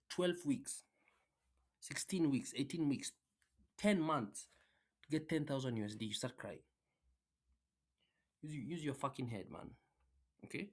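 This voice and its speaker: A man talks straight at his audience in a loose, unscripted rant, hammering the same points over and over. His delivery is blunt and profane, with plenty of filler words. The pitch sits in an ordinary middle range for a man. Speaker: trading content creator. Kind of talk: casual motivational rant.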